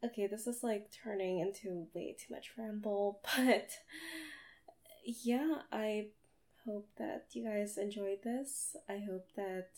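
A young woman talking casually to her listeners, breathless and dizzy, rambling and sometimes slipping into a soft whisper, close to the mic. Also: mid-range voice, steady tone, unhurried. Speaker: audio creator.

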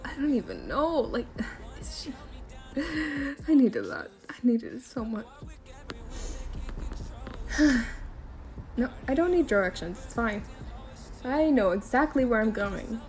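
A woman in a role-play skit, a girlfriend driving her partner home, talking to the listener and swearing while insisting she is calm. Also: a little high, slow, pauses often, faint music behind. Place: in a car.

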